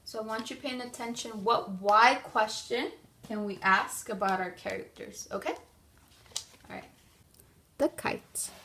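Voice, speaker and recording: A woman teacher reads a story to kids in a classroom read-aloud and lesson, talking it through patiently. Her slightly high voice has some gravel, and her manner is gentle and guiding as she thinks aloud with pauses.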